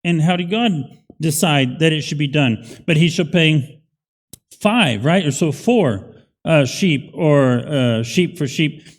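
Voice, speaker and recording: A man preaches in a church, talking to the room like a conversation and then pressing his points with growing force. His voice sits a little high for a man. A long reverb from the hall trails every phrase. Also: expressive, takes it slowly. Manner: conversational, emphatic preaching with rising intensity. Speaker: pastor. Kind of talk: sermon. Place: church sanctuary.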